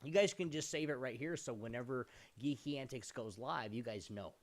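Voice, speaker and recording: A man's voice: mid-range voice, moderate pace. A man co-hosting a live gaming stream show, rambling through plugs in a loose, casual way with restarts. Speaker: podcast co-host.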